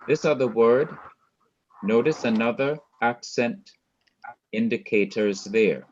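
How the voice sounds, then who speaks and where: A man with a Jamaican accent teaching a Hebrew lesson, speaking deliberately, repeating key words and quizzing his students. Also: mid-range voice, a little mellow. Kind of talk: online Bible language lesson. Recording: dull lo-fi sound.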